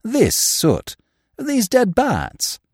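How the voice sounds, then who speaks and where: An unflappable, whimsical young gentleman with languid, over-polite phrasing, as a man reads him. His pitch rises and falls a great deal. The recording is dry and close. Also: huge pitch swings, very slow, breathy edge, no room sound, full character voice. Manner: languid, elaborately polite speech.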